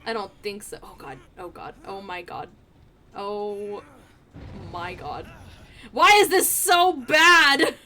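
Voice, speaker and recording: A woman streamer commenting live on her gameplay in an excitable, playful way, laughing often and trash-talking the other players. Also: medium pitch, slow pace, background noise.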